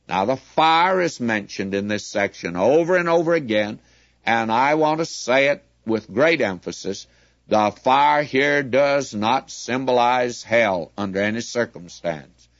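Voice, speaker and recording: Male Bible teacher, unhurried and emphatic; muffled, dry lo-fi recording. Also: medium pitch, no room sound. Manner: deliberate, emphatic, asks listeners questions.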